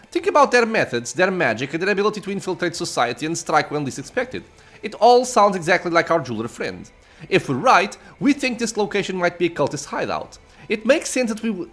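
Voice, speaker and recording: A grieving cleric speaks earnestly, tired but resolved, read out by a man from a game. The voice sits a little high and moves a lot in pitch. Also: a bit bright, exaggerated voice. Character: weary grieving male cleric crusader. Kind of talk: reading game dialogue aloud.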